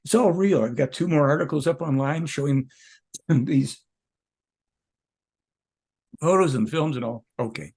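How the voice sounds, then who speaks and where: Man, older, interview guest, emphatic, rambling, self-correcting, husky, slightly high voice. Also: unhurried, pauses often, darkish tone. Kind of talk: conversational interview.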